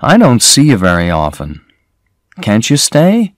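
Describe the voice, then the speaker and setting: A man reading the lines of a gentle young man who calmly reasons with his lover. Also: a little slow, no echo, studio quality. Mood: coaxing. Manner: soft and calm, slightly lowered.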